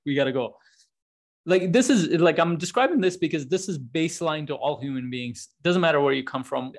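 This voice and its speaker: A man's voice: fairly high pitch, creaky. A man in his thirties hosting a podcast, talking in a casual, rambling way with frequent restarts. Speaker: podcast host.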